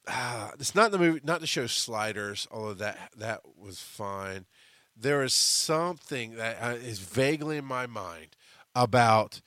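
A podcast host with a medium-pitched voice delivers a casual, profane monologue of stories, animated and full of restarts. The studio sound is clean, with no echo.

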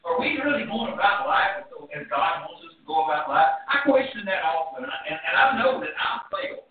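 Impassioned preacher, high voice, echoey tinny sound. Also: male voice, big pitch swings, brisk, few pauses, slight background noise. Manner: impassioned preaching, shifting from shouts to soft near-whispers. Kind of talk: sermon. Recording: echoey distant room, tinny phone-like sound.

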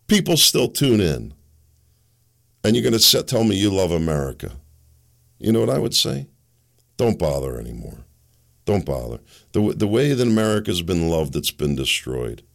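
A man's voice: lowish voice, gravelly, a bit bright. A middle-aged man hosting an opinion monologue, ranting sarcastically and laughing scornfully at his targets. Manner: ranting, sarcastic, mocking asides. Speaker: political commentary host.

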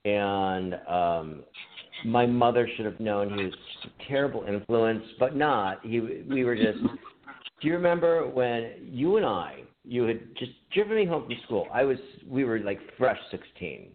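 A man co-hosting a podcast recounts an old story casually, swearing and laughing a lot. His mid-range voice swings widely in pitch and moves a little slowly, and the phone-like recording carries faint noise.

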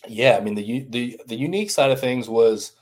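Speaking fairly quickly in a mid-range voice, a man from the American South talks loosely in a podcast interview about his past as a baseball strength coach. He rambles, restarting often and saying "you know" a lot.

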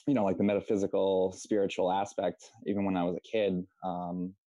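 A man's voice: deep voice, flat delivery, brisk, warm tone, no echo. A man from Massachusetts telling his personal story as a guest on a video call, hesitant and full of ums. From Massachusetts, United States. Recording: muffled video-call audio.

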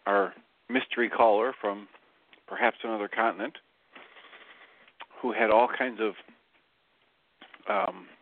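A man calling in to a radio show and giving a relaxed report on a group meeting, with many fillers. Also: fairly low pitch, unhurried, pauses often. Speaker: regular caller, group leader. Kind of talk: casual call-in report. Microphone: phone. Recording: dry phone-line audio.

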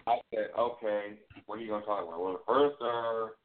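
A man's voice: lowish voice, fairly even intonation, brisk. A man co-hosting a radio show, rambling through a story in easygoing casual chat. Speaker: radio co-host. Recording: tinny phone-like sound.

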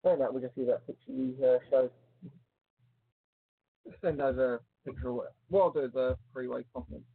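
A man co-hosting a casual chat show, teasing and joking in an animated way. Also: mid-range voice, brisk, gravelly, husky. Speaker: podcast co-host. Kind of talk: casual banter. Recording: phone-like lo-fi line.

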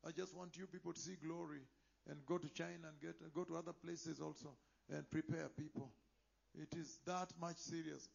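Guy preaching, high voice, gets loud then goes soft, kinda muffled recording. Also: flat delivery, moderate pace, gravelly. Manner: swings from soft asides to loud impassioned preaching. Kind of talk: sermon.

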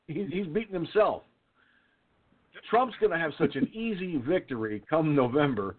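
Profane ranting male radio host. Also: fairly high pitch. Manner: profane, blustering, repetitive. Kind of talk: ranting call-in talk show. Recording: thin phone-like line.

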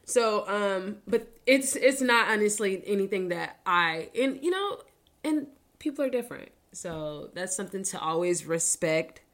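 A woman's voice: medium pitch, animated, measured pace. A young woman hosting a casual solo podcast, talking candidly, swearing freely and laughing between serious moments. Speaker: podcast host.

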